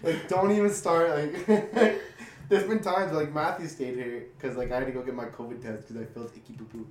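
Animated young man telling stories, echoey room. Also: a little high, normal speed. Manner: animated storytelling with shouted impressions and laughter. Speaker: podcast host. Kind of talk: casual chat.

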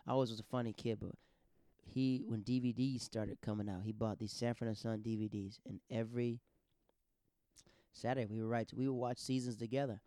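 Male podcast host, animated, slangy storyteller, medium pitch, dry sound. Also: a little fast, dry recording. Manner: animated, slangy, acts out the quotes. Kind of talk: casual storytelling.

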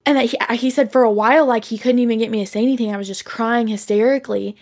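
A young woman telling a story in casual chat, animated and acting out the voices she quotes. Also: on the high side, fast talker.

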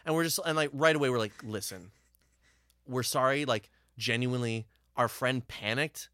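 A man's voice: medium pitch, a little fast, pushed and bright, smooth, dry recording, clean studio sound. Rambling, swearing man telling a tour story. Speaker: touring band member telling stories. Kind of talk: casual storytelling.

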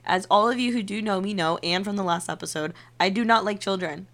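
A young woman in her twenties hosting a podcast, telling stories in casual, animated chat, full of swearing and "like". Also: mid-range voice, fairly quick. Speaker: podcast host.

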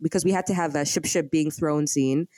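A woman's voice: low-pitched, brisk, no echo. A young woman chatting casually as a podcast co-host, retelling a TV drama and acting out the characters. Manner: animated storyteller acting out characters' lines. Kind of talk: casual chat.

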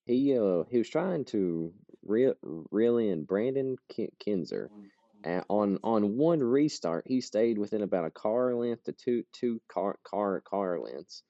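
A man's voice: lowish voice, expressive, measured pace, dark tone, no echo. A man, co-hosting a podcast and telling a story in a rambling way, stumbling and restarting his words. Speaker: podcast co-host. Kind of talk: casual storytelling chat. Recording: dull lo-fi podcast audio.

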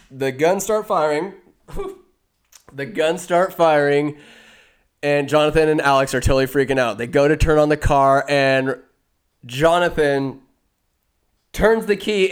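A man casually recapping a movie scene by scene, talking fast and animated, with quick impressions of the characters. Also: on the high side, clear, resonant tone.

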